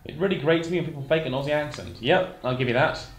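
A man's voice: fairly high pitch, quick pace. Rambling man in an echoey room. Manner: rambling, hesitant, reads chat aloud. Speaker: co-host of a gaming livestream. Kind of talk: casual chat while streaming a game.

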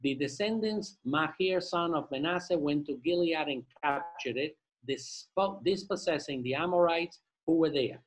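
A man's voice: a little high, husky, low-quality recording. A man reading a scripture passage aloud to a study group, stumbling over names and adding joking asides. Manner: reads slowly, stumbles over names, adds jokey asides.

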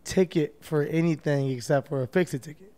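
Joking, frank American podcast host. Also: male voice, a little high, a little fast, dark tone. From Chicago, United States. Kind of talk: casual podcast chat.

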